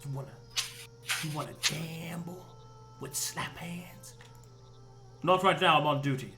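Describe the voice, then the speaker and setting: A man voicing a laid-back male toad knight who talks in a hushed, lazy, slangy way. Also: fairly high pitch, measured pace, over loud music, close to an everyday voice.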